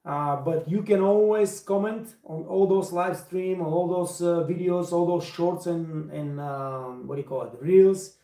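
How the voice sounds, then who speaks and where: Guy on a live stream, mellow voice, kinda high, repeats himself for emphasis, echoey room. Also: fairly even intonation, measured pace, few pauses. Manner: emphatic, repeats words for stress, non-native phrasing. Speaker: livestream host and waiter trainer. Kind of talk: casual livestream talk.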